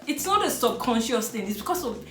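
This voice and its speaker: A woman's voice: on the high side, very animated, fairly quick. A woman speaking frankly and emphatically in a casual chat. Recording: echoey room with faint music.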